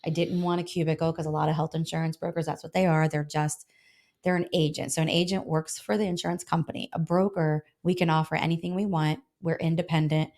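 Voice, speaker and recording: Fast-talking woman broker telling stories. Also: deep voice. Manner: animated, acts out both sides of phone calls. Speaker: health insurance broker, guest. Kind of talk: casual interview storytelling.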